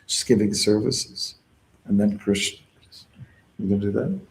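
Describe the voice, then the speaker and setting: In this rough recording, a devotional teacher leading kirtan calls out mantra lines for a group to echo, explaining them with patience. He has a lowish, mellow voice with a touch of vocal fry, fairly even intonation, and a measured pace.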